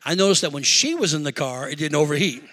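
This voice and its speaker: A man preaching a sermon through a personal story, animated, shouting at the high points and dropping low for asides, in a large hall. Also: fast talker. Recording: echoey hall reverb.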